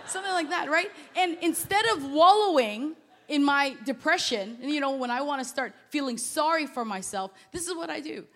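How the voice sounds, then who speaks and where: A woman with a high voice preaches to a young crowd in a chatty, animated sermon. She drops to quiet asides, then bursts into loud exclamations, and laughs often as she talks. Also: moderate pace. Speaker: pastor. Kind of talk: sermon to a youth audience.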